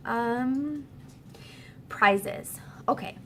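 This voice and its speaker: High-voiced woman, casual home how-to vlog, hurried and chatty, faint hiss behind. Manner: chatty, hurried, with fillers and restarts. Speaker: direct-sales consultant.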